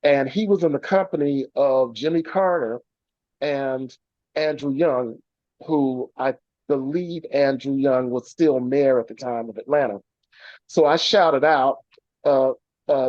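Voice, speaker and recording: A man's voice: fairly high pitch, a little slow, darkish tone, dry recording. A man, a journalist and activist, telling long anecdotes with many fillers in a remote radio interview over a video call. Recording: dull lo-fi call audio.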